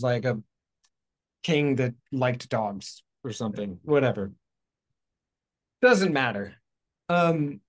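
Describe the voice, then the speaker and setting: Guy rambling thru a spiritual chat, goofy asides, corrects himself a lot, mid pitch. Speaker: host. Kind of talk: casual spiritual talk. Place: outdoors in hot weather.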